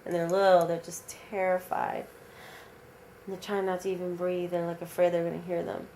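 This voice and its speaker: Woman telling a vampire story off the cuff, animated, rambly, lots of fillers, faint noise behind. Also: lowish voice, normal speed. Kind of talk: casual oral storytelling.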